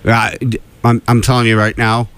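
A man's voice: mid-range voice, completely flat delivery, moderate pace, fairly bright tone, clear, resonant tone. A man hosting a radio show in casual, rambling chat, full of fillers and laughter.

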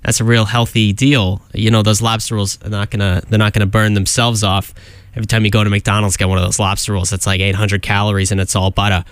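A man's voice: fairly low pitch, flat delivery, fast talker, clean tone, dry recording, close to an everyday voice. A man voicing a hammy Boston local who jokily reads a public service announcement in an exaggerated Boston accent, rambling with fillers and restarts. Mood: goofing. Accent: Boston, put on. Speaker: college radio DJ.

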